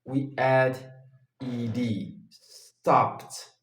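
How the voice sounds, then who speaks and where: A man teaching an English grammar lesson at a whiteboard, talking slowly and haltingly, with many fillers and restarts. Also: medium pitch, fairly even intonation, far from the mic. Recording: echoey room, voice from off the mic.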